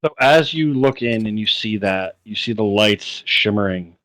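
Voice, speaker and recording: A man acting as game master, narrating a tabletop game in slow, deliberate descriptions over a voice call. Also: on the low side, animated, a bit bright, dry recording, low-quality recording.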